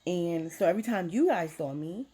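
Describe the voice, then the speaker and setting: A woman's voice: fairly low pitch, lively intonation, moderate pace, mellow, husky. A young adult woman vlogger frankly telling a personal story, emotional and swearing casually.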